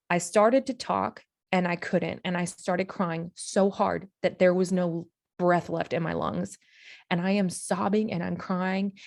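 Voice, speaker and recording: A woman's voice: fairly low pitch, gravelly, darkish tone, dry recording. Give me a woman sharing a personal story on a podcast, earnest and emotional, in a dry, close-miked sound. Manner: earnest, emotional, with many restarts. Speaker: podcast guest.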